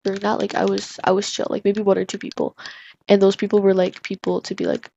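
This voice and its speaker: A woman's voice: mid-range voice, little pitch movement, fast talker, gravelly, warm tone. A woman telling a story casually to camera, rambling and chatty with constant "like" fillers. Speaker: vlogger. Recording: dull lo-fi audio with faint hiss.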